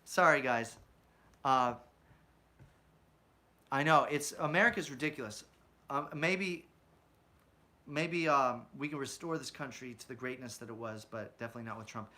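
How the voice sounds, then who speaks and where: Channel host, male, bright tense tone, ranty political commentary full of rhetorical questions. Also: medium pitch, normal speed, long pauses. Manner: ranting, asks rhetorical questions, often adds "right?"; mocks opponents with put-on quotes.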